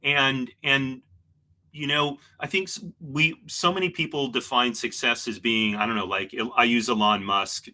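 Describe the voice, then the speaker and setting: A man hosts an interview show and chats casually, rambling and hesitating and frequently restarting his sentences. His mid-range voice has a steady, bright, forceful tone at normal speed.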